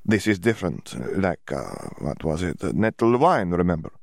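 A man's voice: low-pitched, big pitch swings, moderate pace, gravelly, no echo, studio quality, heavily acted. A man voicing a cheerful young foreign wizard student in an audiobook, who stammers and hunts for words in broken English.

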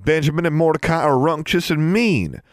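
A man's voice: on the high side, normal speed, no echo, voice pushed up, close to an everyday voice. A prim, old-fashioned teenage girl with a folksy turn of speech and a raised voice, as a man puts her on in a storybook. Dry, close sound; she lectures more than she talks. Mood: chiding. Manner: folksy dialect, scolding.

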